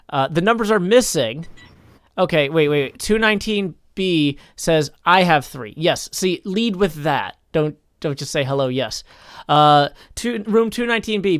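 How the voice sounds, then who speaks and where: Streamer man with a fairly high, smooth voice, running things like a formal court. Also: no room sound, clean studio sound. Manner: measured, mock-formal like a judge. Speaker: streamer hosting a game server. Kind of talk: casual livestream chat.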